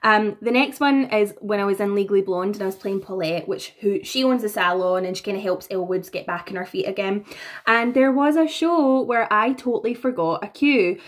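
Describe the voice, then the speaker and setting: A young woman in her twenties telling stories to her camera in a chatty, animated way, laughing between anecdotes. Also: mid-range voice, a little fast. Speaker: vlogger. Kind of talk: casual storytelling to camera. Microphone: own camera.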